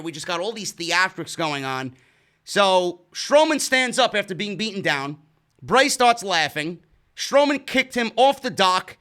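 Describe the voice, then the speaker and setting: A man's voice: high voice, sharp tone, smooth. A man casually recapping a wrestling show, swearing often, stumbling over his words and sounding exasperated.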